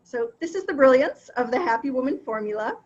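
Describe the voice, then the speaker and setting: Upbeat lady coach teaching a class, kinda high voice, dull muffled audio w a little hiss. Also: lively intonation, brisk. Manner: warm, encouraging, laughs often. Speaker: wellness coach. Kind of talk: online class talk. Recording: dull lo-fi sound with faint background noise.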